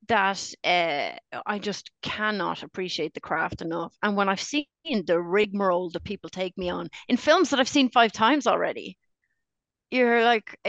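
A woman's voice: creaky, dry recording, highs cut off. Chatty woman, dry mic. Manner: animated, jokey, sudden high exclamations. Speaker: podcast co-host. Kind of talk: casual pub chat.

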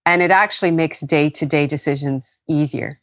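A woman's voice: sits low, moderate pace, no room sound, highs cut off. A woman, co-founder of a company, talking earnestly and with feeling in an interview, often repeating words as she starts a thought. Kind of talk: interview conversation.

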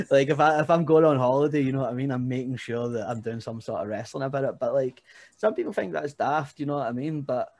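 A man's voice: mid-range voice, a little fast, darkish tone, no echo. Brief: young Scottish guy, chatty guest storyteller, laughs a lot, dry close sound. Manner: rambling, laughing, keeps saying "you know what I mean". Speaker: guest, pro wrestler. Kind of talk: casual podcast chat.

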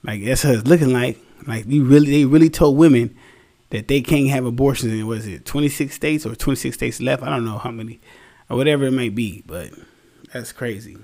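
A man's voice: mid-range voice, a little fast, warm tone. A young man, tired, talking bluntly and casually in a rambling, slangy opinion monologue, swearing freely. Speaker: solo commentary host.

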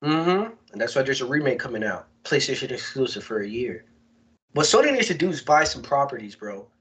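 A man co-hosting a casual podcast, talking in a loose, animated way full of slang and swearing. His voice sits at an ordinary middle pitch, and he speaks like he is hanging out with a friend. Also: brisk. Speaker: podcast co-host. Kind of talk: casual chat.

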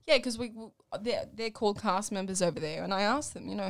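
A woman's voice: medium pitch, fast, hardly any pauses, dry recording, studio quality. A young woman co-hosting a podcast with her twin sister, chatting casually with frequent restarts. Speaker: podcast co-host. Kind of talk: casual chat.

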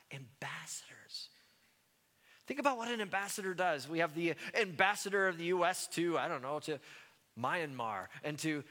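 A man from the United States preaching a sermon in a conversational, self-deprecating way, with animated asides. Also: fairly high pitch, in a large hall. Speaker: pastor.

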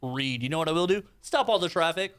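A man's voice: fairly high pitch, lively intonation, quick pace, fairly bright tone, clean tone, dry recording, clean studio sound. A man co-hosting a radio show, bantering with jokes and sarcasm. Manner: jokey, sarcastic. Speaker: radio co-host.

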